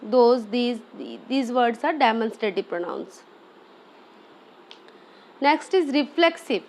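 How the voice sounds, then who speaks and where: Woman, teacher, high voice, unhurried delivery, frequent "okay?" checks. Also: expressive, a little mellow. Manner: explains step by step, often checks "okay?". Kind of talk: grammar lesson.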